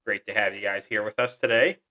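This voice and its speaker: A man's voice: fairly low pitch, steady tone, a little fast, pushed and bright, highs cut off. A young man co-hosting a podcast, chatting casually and reading announcements in an upbeat, chatty way with fillers. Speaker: podcast co-host.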